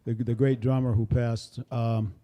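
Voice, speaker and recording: A man's voice: medium pitch, flat delivery, measured pace, highs cut off. An older man leading a band, introducing his musicians with rambling, joking stage banter into a microphone at a small venue. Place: small performance space, live audience.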